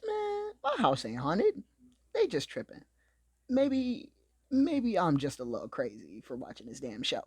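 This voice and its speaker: A man's voice: a little high, wildly swooping pitch, measured pace, husky, no echo, heavily acted. A man voicing a brash, foul-mouthed young woman who chain-smokes. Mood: dismissive.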